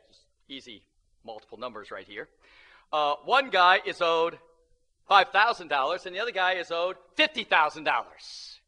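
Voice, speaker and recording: A male preacher delivers a sermon in an emphatic, animated way and calls for amens. His voice sits high and swings widely in pitch. His tone is very bright and forceful.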